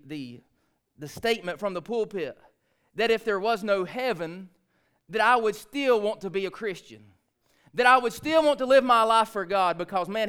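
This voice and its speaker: A man's voice: sits high, fairly bright tone, smooth. A man, preaching a sermon as pastor, fervent and repetitive, building to emphatic peaks. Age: 30s.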